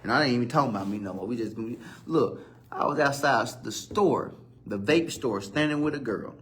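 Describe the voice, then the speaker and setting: A man's voice: medium pitch, brisk. Profane thirties male host, rambling storyteller, mid-range voice. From Virginia, USA. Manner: rambling storytelling with profanity and animated quoted outbursts. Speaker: talk show host. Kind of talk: casual live-stream monologue.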